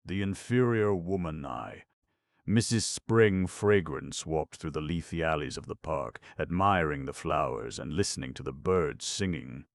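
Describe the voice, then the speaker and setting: A man narrating a classic story for an audiobook in measured, even storytelling. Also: a bass voice, vocal fry, no room sound. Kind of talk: scripted narration.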